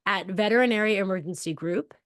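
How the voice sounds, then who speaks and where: A woman's voice: medium pitch, fairly quick, no room sound, studio quality. A woman hosting a podcast, bubbly and enthusiastic, chatting casually and laughing often. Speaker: podcast host. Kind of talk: casual interview chat.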